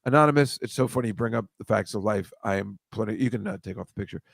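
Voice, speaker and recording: A man's voice: lowish voice, fast talker, vocal fry, no room sound. Guy hosting a comedy talk show, rambly, keeps tripping over his words, dry close sound. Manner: rambling, self-deprecating, stammers and restarts. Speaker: host.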